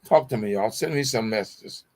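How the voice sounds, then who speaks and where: A middle-aged man with a gravelly, fry-edged voice hosts a motivational talk show. He preaches at his listeners, repeats his key phrases and keeps calling them y'all. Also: fairly low pitch, normal speed, a little mellow. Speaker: show host.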